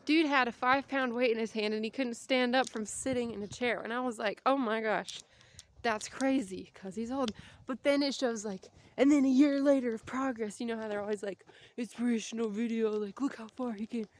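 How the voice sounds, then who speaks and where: Woman, chatty and rambling, a bit breathless, fairly high voice, walking outside. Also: steady tone, brisk. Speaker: vlogger. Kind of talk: casual walking vlog. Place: outdoors, walking on a street.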